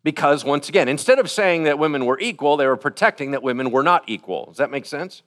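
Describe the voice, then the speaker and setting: A man's voice: on the high side, expressive, quick pace, a bit bright. A middle-aged man preaching a casual, conversational sermon, acting out quotes as he goes. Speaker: pastor.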